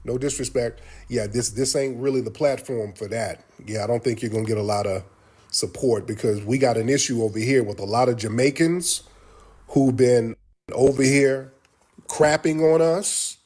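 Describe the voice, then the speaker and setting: A man's voice: mid-range voice, normal speed, a little mellow. A man talking on a livestream clip, blunt and dismissive, repeating himself as he answers. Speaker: livestream host. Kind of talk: livestream commentary.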